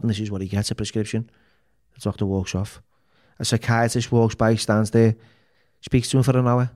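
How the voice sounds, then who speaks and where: A man's voice: fairly low pitch, darkish tone. A middle-aged man, a podcast guest talking candidly, bluntly and full of swearing, often restarting his sentences. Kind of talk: candid interview talk.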